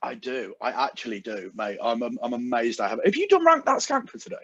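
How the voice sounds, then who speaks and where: A man's voice: medium pitch, very animated, fast talker, a bit bright, slightly rough, no room sound, dull audio. A British man co-hosting a comedy podcast over a video call, telling stories animatedly and mimicking the people he quotes. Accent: British English. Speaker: podcast co-host. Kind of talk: casual comedy banter.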